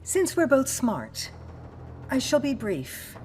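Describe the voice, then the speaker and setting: Brief: smooth threatening noblewoman, unhurried, expressive, light score behind. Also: sits high, faint music behind, heavily acted. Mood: silky threat. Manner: silky, condescending. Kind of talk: English dub of a period drama.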